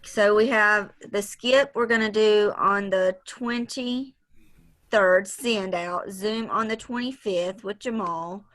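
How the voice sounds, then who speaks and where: Woman on a zoom call going over due dates, lots of ums, pretty even voice. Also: medium pitch, takes it slowly, low-quality recording. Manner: explains deadlines step by step, with frequent ums. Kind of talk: casual planning call. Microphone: video call.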